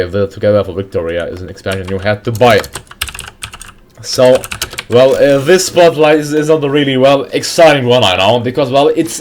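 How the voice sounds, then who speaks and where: A man hosting a casual game mod review, reading out names haltingly with frequent pauses and restarts. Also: mid-range voice, darkish tone, slight background noise. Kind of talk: casual screen-recorded game commentary.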